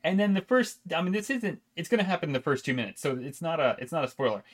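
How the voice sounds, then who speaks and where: Upbeat male podcaster, slightly high voice, rambling gaming talk full of restarts. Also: big pitch swings, fast talker. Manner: rambling, laughing, self-interrupting. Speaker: podcast co-host. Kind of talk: casual gaming chat.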